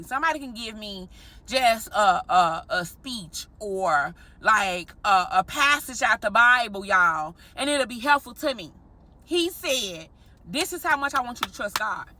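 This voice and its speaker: A married woman telling an animated story straight to her viewers in a vlog, often calling them y'all. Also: on the high side, normal speed, no room sound. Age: adult, married. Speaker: vlogger.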